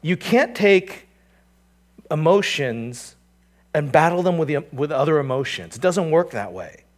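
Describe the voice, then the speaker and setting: A man preaching from the pulpit as pastor. He drops low and quiet when reading scripture, then lifts his voice for emphatic points. He repeats himself as he works toward a point and keeps asking the room rhetorical questions. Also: animated, a little slow. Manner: repeats and restarts phrases, asks the congregation rhetorical questions. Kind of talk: sermon.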